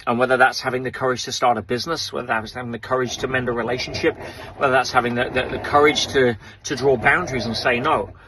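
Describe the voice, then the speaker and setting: A man on a small rowing boat out at sea, recording a reflective, motivational video diary in a halting, thoughtful way with many fillers. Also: medium pitch, level tone, sharp tone, slight background noise, rough recording. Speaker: ocean rower sending a video update.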